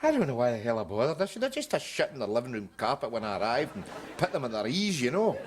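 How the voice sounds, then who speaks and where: A man's voice: medium pitch, sing-song, quick pace, noisy background, lightly acted. An actor with a Glaswegian accent playing a sarcastic, mocking Glasgow man in a sitcom. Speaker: lodger in a politician's home. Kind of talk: sitcom acting.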